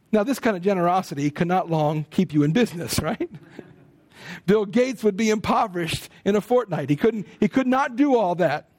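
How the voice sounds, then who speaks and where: High, lively American preacher. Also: male voice, a little fast, no room sound. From United States. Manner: animated storytelling, acting out quoted speech. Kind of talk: sermon.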